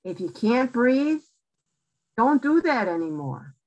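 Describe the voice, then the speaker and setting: A woman's voice: on the high side, big pitch swings, takes it slowly, a little mellow, lo-fi sound. A woman giving a public library talk, coaching listeners directly in short emphatic phrases and often checking in with "okay?". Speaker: lecturer on aging in place.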